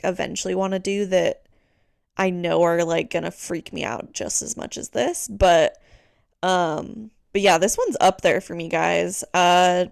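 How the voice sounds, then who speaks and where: A woman's voice: fairly low pitch, gravelly, clear, resonant tone, no room sound, clean studio sound. A woman co-hosting a podcast, chatting casually with lots of fillers and the odd swear word. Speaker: podcast co-host. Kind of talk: casual chat.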